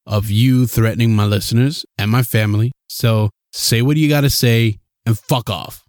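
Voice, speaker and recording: A man's voice: mid-range voice, steady tone, moderate pace, darkish tone, no room sound, clean studio sound. A man hosting a comedy podcast who talks in a casual, exasperated way. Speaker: podcast host.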